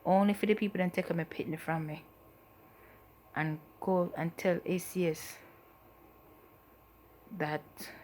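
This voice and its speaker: A woman giving a personal testimony as a mother, in a soft, halting, emotional way that often trails off. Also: on the low side, fairly even intonation, a little hiss or hum. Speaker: mother telling her story.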